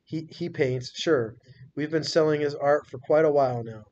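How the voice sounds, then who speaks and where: A man voicing a brash middle-aged mall owner who boasts in loud salesman patter, in a dull lo-fi recording. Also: fairly high pitch, moderate pace, natural voice. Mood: eager.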